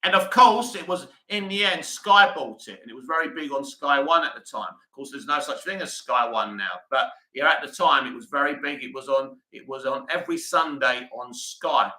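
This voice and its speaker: A man's voice: medium pitch, lively intonation, normal speed, hardly any pauses, sharp tone, reverberant, poor audio. A British man hosting a live stream, reading comments aloud and answering them bluntly in casual chat.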